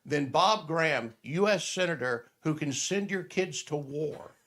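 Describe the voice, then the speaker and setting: Animated storytelling middle-aged man. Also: fairly high pitch, a little slow. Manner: animated storyteller acting out voices, laughing. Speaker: radio host. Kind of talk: storytelling in a podcast interview.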